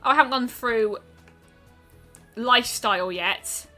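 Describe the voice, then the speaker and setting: A woman's voice: fairly high pitch, unhurried, sharp tone, faint music behind. A woman streaming a game, musing aloud in casual commentary with lots of ums and trailing thoughts.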